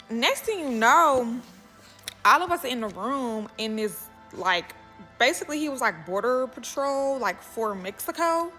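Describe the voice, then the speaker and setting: Bright, chatty woman telling a story. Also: on the high side, normal speed, soft background music. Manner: animated, heavy on "like" and "you know what I'm saying". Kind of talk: casual storytime vlog.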